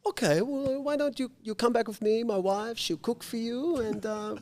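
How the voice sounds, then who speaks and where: A man's voice: very high voice, voice pushed up. A man putting on a kindly man in broken English. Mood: kindly offering. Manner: warm, halting, offers help. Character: kindly male airport worker, broken English.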